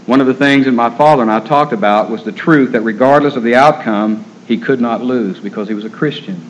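A man preaching a sermon in an earnest, gentle storytelling manner. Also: medium pitch, fairly quick, slight background noise. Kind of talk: sermon on caring for the terminally ill. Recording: dull lo-fi recording.

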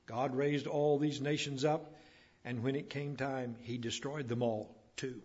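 Husky folksy preacher man. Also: fairly even intonation, normal speed, darkish tone. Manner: folksy, rising to emphatic peaks then dropping low. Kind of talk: sermon. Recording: dull lo-fi recording.

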